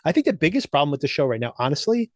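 Very animated and very fast, a man with a fairly high-pitched voice co-hosts a podcast in a dry recording. He casually recaps and reviews TV episodes, keeping it loose and chatty with lots of laughs and fillers.

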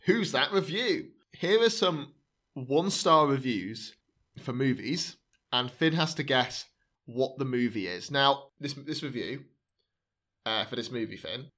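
A man hosting a casual podcast, his voice bright and forward. He jokes around, swears freely and reads reviews out in a mocking tone. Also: mid-range voice, animated, unhurried. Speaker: podcast host.

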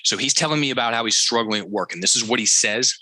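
A man's voice: medium pitch, fast, bright, forceful tone, no echo, low-quality recording. A man coaching on a headset mic, telling a client story in casual talk, acting out the quotes and often repeating himself.

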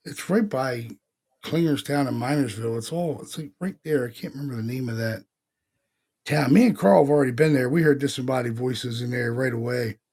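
Gravelly, lively male podcast storyteller. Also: mid-range voice, brisk. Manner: animated storytelling with slang and swearing. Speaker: podcast co-host. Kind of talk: casual chat.

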